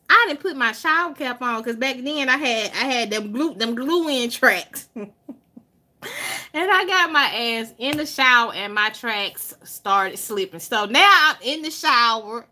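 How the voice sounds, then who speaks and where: Her voice sits high as this Alabama woman, speaking with a Southern US accent, vlogs an animated story. She lengthens words for emphasis and swears freely along the way.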